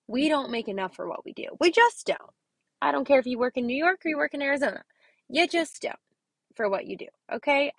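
Young teacher lady doing a pep-talk podcast, kinda high voice, dry close sound, keeps saying okay. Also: a bit bright, no echo. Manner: emphatic, repeats points and checks in with "okay?". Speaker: kindergarten teacher and podcast host. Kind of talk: motivational podcast monologue.

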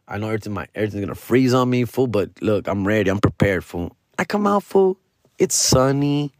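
A man from Los Angeles, a comedian, telling a story in a casual, profane, slangy way, dropping Spanish words and swinging his pitch and loudness. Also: animated, brisk, dry recording, clean studio sound. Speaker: stand-up comedian, podcast host.

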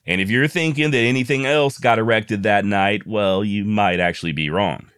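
A man's voice: lowish voice, normal speed, a bit bright, clean tone, dry recording, studio quality. A man narrating frontier history in a casual, folksy way with wry asides. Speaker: history storyteller.

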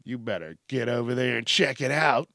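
A friendly male home robot speaks in an easygoing, attentive way, as a man puts it on for a comedy podcast bit. The voice is dry and close, with no room around it. It sounds gentle and caring rather than mechanical. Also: medium pitch, normal speed, no room sound. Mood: soothing. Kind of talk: comedic impression in podcast talk.

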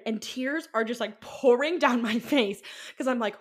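A young woman with a fairly high voice tells a story on a podcast in loose, rambling chat. She leans on fillers and drops the odd swear word. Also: moderate pace, few pauses, a bit bright. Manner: rambling, full of likes and ums, swears freely. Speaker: podcast co-host.

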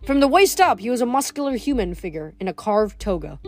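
A woman reading a novel aloud to listeners, careful and steady, with small restarts. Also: medium pitch, a little fast, hardly any pauses, soft background music.

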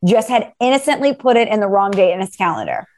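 A woman's voice: medium pitch, fast talker. Chatty woman telling a story. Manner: animated, acts out quoted lines. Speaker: co-host. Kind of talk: casual chat, storytelling.

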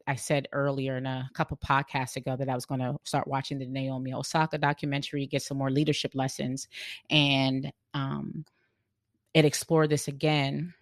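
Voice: medium pitch, no echo, clean studio sound. A podcast host giving an earnest, reflective monologue on leadership, often restarting phrases while searching for words.

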